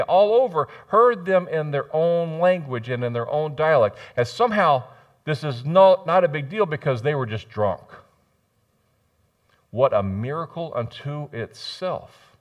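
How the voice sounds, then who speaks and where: A man preaching a sermon in a church, joking and swinging between loud bursts and quiet asides. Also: mid-range voice. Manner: animated, jokey preaching with sudden loud rises and soft drops. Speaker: pastor. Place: church sanctuary.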